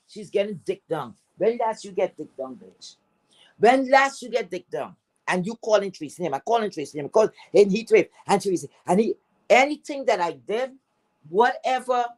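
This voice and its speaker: Caribbean woman, livestream host, loud profane rant, repeats herself, jumps from yelling to muttering. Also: medium pitch, breathy edge. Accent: Caribbean English. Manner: loud, cursing, repeats phrases, swings between yelling and muttering.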